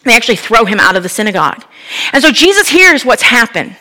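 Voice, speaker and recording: A woman preaches with a bright, fairly high voice. She retells the story in a lively, conversational way and breaks in with asides to the listener. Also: fast. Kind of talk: sermon retelling a Bible story.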